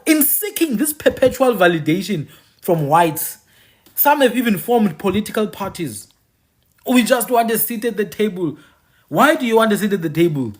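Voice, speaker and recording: A man giving an impassioned monologue, repeating his phrases for emphasis and dropping mocking asides. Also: fairly high pitch. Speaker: commentator.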